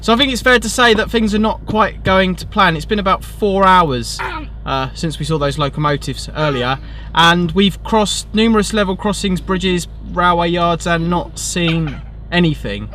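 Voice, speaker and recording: A man's voice: high-pitched, moderate pace, pushed and bright, slight background noise. Chatty self-deprecating man vlogging. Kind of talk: casual vlog chat. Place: in a car and by the roadside. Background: music.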